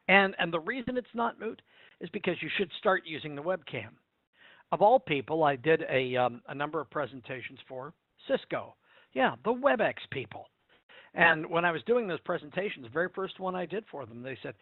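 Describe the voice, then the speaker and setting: Male webinar presenter, animated storyteller, higher voice, dry narrow-band webcam audio. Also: moderate pace, no room sound. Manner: animated storyteller, acts out quoted exchanges. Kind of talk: lively presentation with anecdotes. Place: home office at computer. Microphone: webcam setup about a yard from computer.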